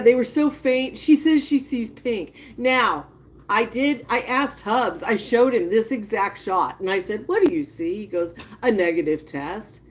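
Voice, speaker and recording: A woman giving casual live-stream commentary, chatting with viewers and reacting with drawn-out disgust. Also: high voice, a bit bright. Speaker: livestreamer.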